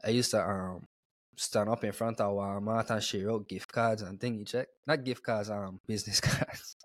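A man's voice: on the low side, fairly even intonation, moderate pace, no echo. A man from the Virgin Islands with his home accent, co-hosting a podcast and telling loose, profane stories in casual chat. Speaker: podcast co-host.

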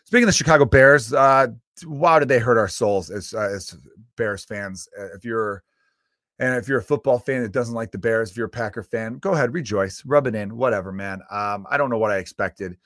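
Fairly quick and on the low side, with a fairly bright tone, a man vents solo on his podcast, swearing and filling the talk with verbal fillers. The rant rambles loosely and sounds exasperated. It's studio-quality audio with no room sound.

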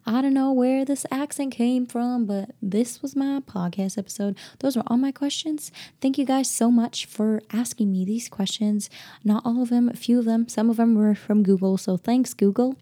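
Mellow-voiced woman hosting a chatty podcast. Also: a little high, moderate pace. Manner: chatty, upbeat and personal. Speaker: podcast host. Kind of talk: casual solo podcast chat.

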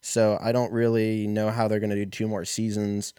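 Low-voiced man ranting on a podcast. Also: level tone, normal speed, dark tone, clean tone, no echo, clean studio sound. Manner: profane, rambling, self-mocking. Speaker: podcast host. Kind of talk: casual comedic monologue.

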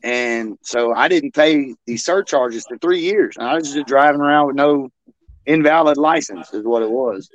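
A man telling a wry, deadpan story in a casual podcast chat. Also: medium pitch, normal speed, no room sound, dull audio.

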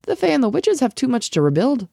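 A woman's voice: sits high, wildly swooping pitch, fast, creaky, mellow, breathy edge, no echo, studio quality, voice pushed up, heavily acted. Woman voicing a worried young village man. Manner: anxious, protesting.

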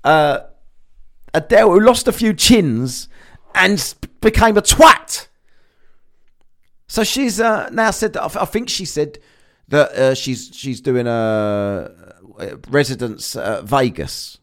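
A man's voice: fairly high pitch, lively intonation, slow pace, long pauses, fairly bright tone. A man delivering a sarcastic, sweary ranting monologue as a vlogger.

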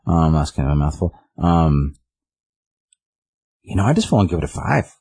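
A man's voice: deep voice, normal speed, darkish tone, slightly rough. A man co-hosting a podcast, chatting casually and rambling enthusiastically, with lots of fillers. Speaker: podcast co-host, comic reviewer. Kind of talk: casual chat.

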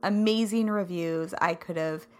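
A Midwestern American woman hosts her podcast in a casual, bubbly chat, laughing often. Her voice is on the low side, measured and darkish, with a throat that sounds a little scratchy and hoarse.

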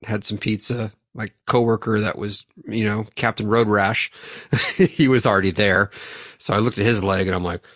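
A man co-hosting a podcast, swearing freely as he tells a lively story to his friends. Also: on the low side, moderate pace, dry recording, clean studio sound. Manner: profane, animated storytelling. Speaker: podcast co-host. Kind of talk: casual storytelling among friends.

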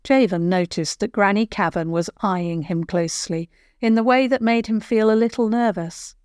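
An older woman, the regular storyteller of the show, reading a children's bedtime tale in a gentle, measured way. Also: mid-range voice, clean tone, no echo, studio quality. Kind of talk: scripted children's story narration.

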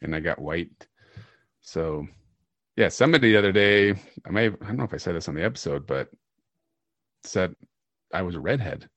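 A man's voice: low voice, animated, moderate pace, long pauses, a bit bright, no room sound. A man co-hosting a podcast, chatting casually and rambling as he searches for words. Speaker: podcast co-host. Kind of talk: casual chat.

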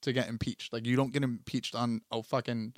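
A man's voice: medium pitch, little pitch movement, fairly quick, no echo, studio quality. Young man ranting casually on a podcast. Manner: profane, rambling, repeats himself. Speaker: podcast co-host. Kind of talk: casual political chat.

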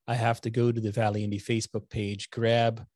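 A middle-aged man hosting a casual livestream from home, rambling and joking at his own expense, a little hoarse from talking. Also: lowish voice, little pitch movement, brisk, a little mellow, no echo, clean studio sound. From Connecticut. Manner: rambling, self-deprecating, joking. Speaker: host of a nonprofit news livestream. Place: home room lit with LED lights. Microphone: desktop microphone.

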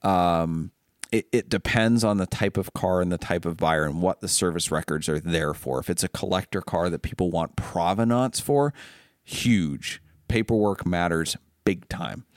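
Male host, low register, dry close sound, loose rambling delivery with stammered restarts. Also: normal speed, dry recording. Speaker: show host and car dealer. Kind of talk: casual show chat.

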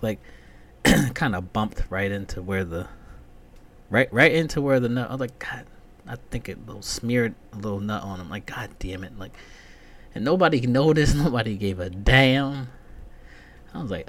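A man's voice: fairly low pitch, lively intonation, moderate pace, pauses often. A man hosting his own podcast, telling a rambling, profane story in a casual monologue. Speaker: podcast host.

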